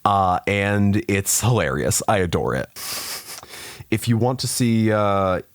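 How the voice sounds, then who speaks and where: A man co-hosting a podcast, chatting casually, swearing freely and animated. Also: on the low side, clear, resonant tone, no room sound, studio quality. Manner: animated, swears freely, jumps into quick put-on voices. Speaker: podcast co-host. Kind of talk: casual chat.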